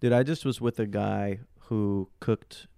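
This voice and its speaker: A man's voice: lowish voice, steady tone, a little slow, creaky, warm tone, clean tone, no room sound, clean studio sound. A young man co-hosting a podcast, telling a story in a playful, teasing casual chat. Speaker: podcast co-host.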